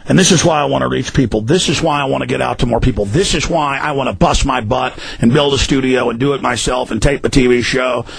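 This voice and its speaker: A hoarse man hosting a talk radio show, ranting and pleading, shouting often with his voice breaking high. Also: quick pace, few pauses, poor audio. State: hoarse from screaming. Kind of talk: impassioned talk radio rant.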